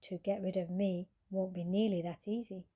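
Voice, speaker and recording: A woman's voice: medium pitch, steady tone, normal speed, dark tone, natural voice. A woman voicing a tiny, smug flea that teases in a sing-song way in a read-aloud storybook. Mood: teasing. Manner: teasing, sing-song taunting. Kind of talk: storybook character voice.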